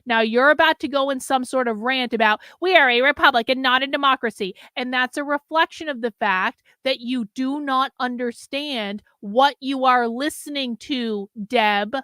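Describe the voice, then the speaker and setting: A woman's voice: high-pitched, normal speed, few pauses, bright, forceful tone, no echo, studio quality. A woman hosting a reaction commentary show, talking back to a clip in a blunt, sarcastic, mocking way.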